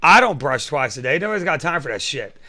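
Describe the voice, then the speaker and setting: A man co-hosts a laid-back podcast and talks bluntly about his habits, tossing in dry jokes. His voice sits a little high and sounds bright and forceful. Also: big pitch swings, fast. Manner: blunt, joking, dry asides. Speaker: podcast co-host. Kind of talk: casual chat.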